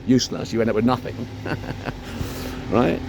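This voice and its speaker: A man's voice: medium pitch, unhurried, gravelly. Older guy rambling thru a story, lots of swearing, faint hum behind. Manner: rambling, animated, swears freely, acts out dialogue. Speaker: vlogger. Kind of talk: casual storytelling to camera.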